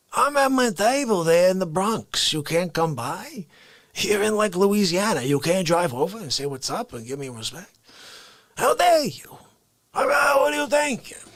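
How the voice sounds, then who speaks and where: A man voicing a brash, mob-style New Yorker who loudly demands respect, with a New York accent and drawn-out indignation. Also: high-pitched, vocal fry, no room sound, studio quality, heavily acted. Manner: indignant, loud, drawn-out outrage. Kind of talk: comedic character bit.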